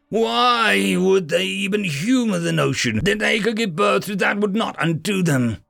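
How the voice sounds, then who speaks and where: A man's voice: sits high, vocal fry, no echo, clean studio sound, pitched above the performer's own voice, exaggerated voice. A man voicing a fierce female feline alien inquisitor who hisses and stammers. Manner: hissing, accusing, stammering when scared.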